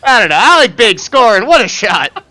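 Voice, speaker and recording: A man's voice: high-pitched, very animated, moderate pace, pushed and bright. A man doing color commentary on an esports match, cracking puns and laughing often.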